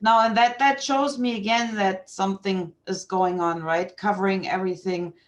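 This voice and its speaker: A woman guest in a casual video chat, telling stories in an animated way, swearing freely and laughing often. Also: mid-range voice, moderate pace, a little hiss or hum. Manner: laughs often while talking.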